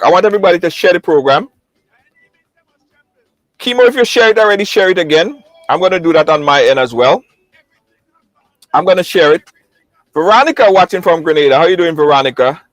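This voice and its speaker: Guy hosting a live stream, high voice, dry close sound, keeps repeating himself. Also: no echo, poor audio. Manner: lively, repeats phrases, greets viewers by name. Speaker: host. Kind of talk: live online talk show hosting.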